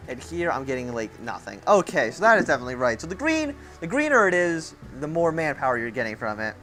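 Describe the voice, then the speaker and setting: A man's voice: fairly high pitch, big pitch swings, fast talker, sharp tone, faint music behind. Rambling young man narrating a strategy game. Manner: rambling, thinks aloud, self-mocking asides. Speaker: gameplay commentator. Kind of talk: casual game walkthrough commentary.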